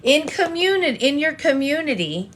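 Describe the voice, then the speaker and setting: A woman's voice: sits high, very animated, normal speed, a bit bright, a little hiss or hum. A woman coaching an online audience, talking straight to viewers and firing rhetorical questions, often repeating herself. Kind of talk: live-stream coaching talk.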